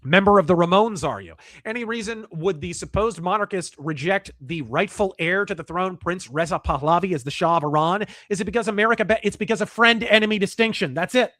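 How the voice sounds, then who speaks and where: A male streamer with a noticeably high voice reads chat and news aloud and fires back blunt, profane, wry remarks. The sound is close and dry, with almost no room around it. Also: fairly quick, hardly any pauses, fairly bright tone, no echo. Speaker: streamer host. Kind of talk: livestream commentary, reading chat and articles aloud.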